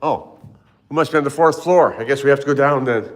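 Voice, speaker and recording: A man's voice: medium pitch, a little fast. Older man vlogging while walking hotel halls. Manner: chatty, greets live chat viewers by name while walking. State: slightly out of breath from climbing stairs. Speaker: fitness vlogger. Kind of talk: casual live-stream walk vlog. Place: indoors, hotel hallways and stairwells.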